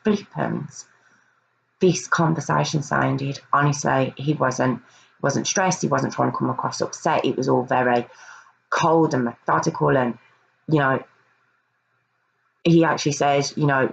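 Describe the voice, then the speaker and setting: A woman's voice: a bass voice, steady tone, unhurried, gravelly, long pauses, muffled recording. A woman earnestly recounting a true crime case in a casual review, often hesitating and repeating words.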